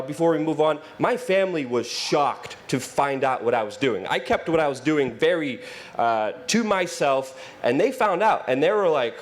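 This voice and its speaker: Animated man ranting on a panel. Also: fairly high pitch. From Poland. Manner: animated, ranting, acts out quotes. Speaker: panelist, independent journalist. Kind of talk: energetic panel talk. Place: conference stage.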